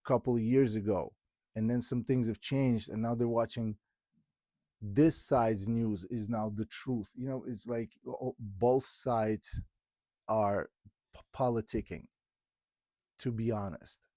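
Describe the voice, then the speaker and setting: A man's voice: lowish voice, fairly even intonation, unhurried, dark tone, dry recording, clean studio sound. A man from Ukraine, hosting a podcast and speaking earnestly and from the heart, often breaking off and restarting. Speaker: podcast host. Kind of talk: candid podcast conversation.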